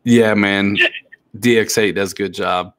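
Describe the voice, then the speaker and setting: A man with a somewhat low voice hosts a casual live stream, chatting easily and joking around. He reads viewer comments aloud and teases the people in the chat. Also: steady tone, measured pace. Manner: joking, laid-back, teasing viewers.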